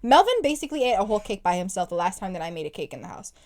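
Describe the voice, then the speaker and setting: A young woman co-hosting a podcast, telling a story in casual chat with animated, profane ranting. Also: mid-range voice, very fast. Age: young adult. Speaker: podcast co-host.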